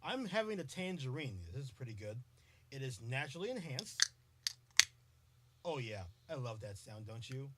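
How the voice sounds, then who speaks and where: A man's voice: mid-range voice, very animated, fairly quick, heavy background noise. A man hosting a live podcast, chatting playfully with commenters and often breaking into giggles. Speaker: podcast host. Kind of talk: casual live-stream chat.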